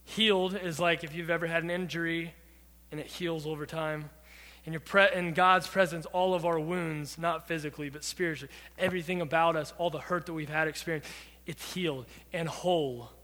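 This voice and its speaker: Earnest young-sounding pastor in a hall. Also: male voice, on the high side, steady tone, a little fast, bright, forceful tone. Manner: earnest, talks through song lyrics line by line. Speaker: youth pastor. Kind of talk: sermon. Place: church hall. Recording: reverberant hall.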